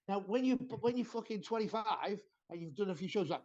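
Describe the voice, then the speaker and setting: A man's voice: high voice, brisk, hardly any pauses, darkish tone, lo-fi sound. A man, a bodybuilder in casual chat, blunt and matter-of-fact with frequent swearing.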